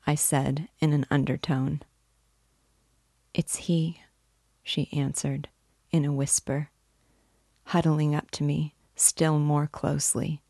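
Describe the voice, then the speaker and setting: Slow, gravelly woman reading a novel. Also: low-pitched, no echo, clean studio sound. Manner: measured, steady, unhurried. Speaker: book reader. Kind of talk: audiobook reading of a classic novel.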